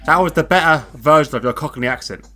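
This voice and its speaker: A man from the United Kingdom giving casual live race commentary, relaxed and joking with his co-host. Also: fairly high pitch, quick pace, faint music behind. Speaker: co-commentator of a sim racing league.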